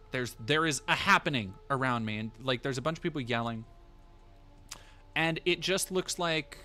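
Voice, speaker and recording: A man's voice: medium pitch, sharp tone, clean tone. A man streaming live, telling a rambling, profane story in casual chat with many fillers and restarts.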